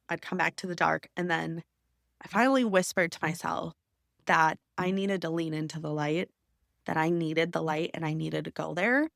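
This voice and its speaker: Emotional woman podcaster, low gravelly voice. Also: a bit bright, no room sound, studio quality. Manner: emotional, intimate, drops to whispers at times. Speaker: podcast host. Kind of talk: personal storytelling.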